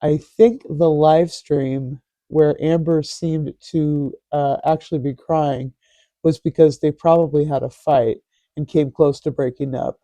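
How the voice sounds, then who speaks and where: Male vlog host, sarcastic and mocking, slow delivery, deep-toned mellow timbre. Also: steady tone, no room sound, highs cut off. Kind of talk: casual commentary reading posts aloud.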